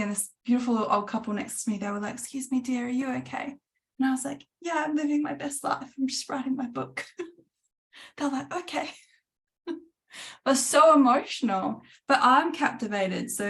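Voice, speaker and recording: Chatty woman coaching writers. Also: mid-range voice. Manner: chatty and animated, laughs often. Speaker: writing coach. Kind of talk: live webinar teaching.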